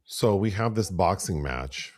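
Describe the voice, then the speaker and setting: A man co-hosting a podcast, casually retelling a film's plot and mimicking characters in higher voices. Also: unhurried, dry recording, clean studio sound. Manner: animated, breaks into high voices when quoting. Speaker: podcast co-host. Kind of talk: casual film review chat.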